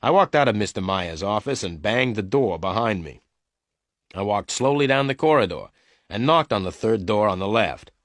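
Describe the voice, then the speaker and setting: A man giving slow, clear scripted narration of a detective story for English learners. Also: on the low side, lively intonation, no room sound, clean studio sound.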